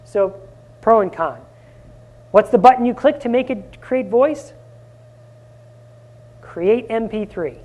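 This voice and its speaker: A man presenting a live conference workshop, energetic and often asking the audience questions. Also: extremely high pitch, slow, long pauses. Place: conference room.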